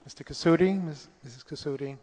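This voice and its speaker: A man giving a formal presentation at a conference, speaking in a measured way with occasional restarts. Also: a little high, darkish tone. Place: large conference hall. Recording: echoey hall, long reverb.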